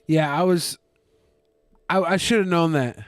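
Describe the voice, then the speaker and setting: A man's voice: fairly high pitch, unhurried, clear, resonant tone, no echo, clean studio sound. A man co-hosting a podcast, chatting casually and cracking playful jokes. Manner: joking, playful. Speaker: podcast co-host. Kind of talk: casual chat.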